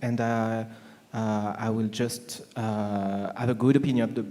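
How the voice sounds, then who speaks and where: French-accented male panelist, mellow tone, hesitant, conference hall echo. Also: lowish voice, steady tone. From France. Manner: halting, many fillers and restarts. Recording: long hall reverb.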